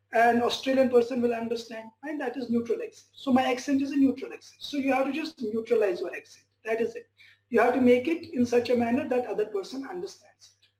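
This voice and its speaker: A man's voice: very high voice, darkish tone. A male tutor, teaching a speaking class online and reassuring a student with frequent check-ins. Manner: reassuring, repeats "fine" and "okay" as check-ins. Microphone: video call. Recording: echoey room with faint noise.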